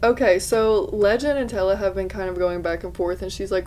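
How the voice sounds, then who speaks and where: Young woman, casual book-review chatter, lots of 'like', medium pitch. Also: fairly even intonation, fairly quick, few pauses, darkish tone, slight background noise. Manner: chatty, exclamatory, heavy use of 'like'.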